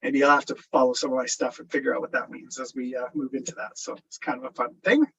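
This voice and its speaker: A man's voice: medium pitch, flat delivery, fast, creaky, a bit bright, husky, far from the mic, rough recording. A man, a filmmaker and actor, chatting casually on a video call after a table read, with many fillers and laughs.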